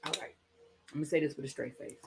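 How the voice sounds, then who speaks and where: A woman hosting a casual celebrity gossip podcast, talking in an animated, incredulous way with laughing asides. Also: quick pace, heavy background noise. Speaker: podcast host.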